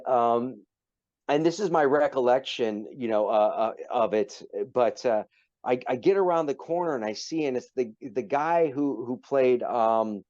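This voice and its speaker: A middle-aged man telling a story as a guest in a casual interview, animated and acting out the people in it. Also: mid-range voice, no room sound, muffled recording. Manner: animated, acts out voices in his anecdote. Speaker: podcast guest, actor.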